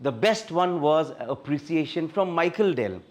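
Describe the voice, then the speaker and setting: A middle-aged Indian man recounts his story before a fellowship group. His voice sits a touch high for a man, and he tells it in a lively storytelling way, with an Indian English accent. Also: unhurried. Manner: storytelling, animated when reliving scenes. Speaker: guest speaker sharing a testimony. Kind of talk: personal testimony talk.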